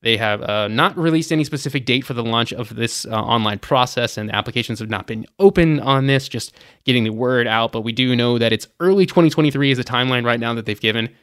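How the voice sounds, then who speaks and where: This travel news podcast host speaks fast in a smooth, medium-pitched, fairly bright voice, recorded dry with clean studio sound. He gives a casual, opinionated rundown with commentary, chatty and heavy on "you know" fillers.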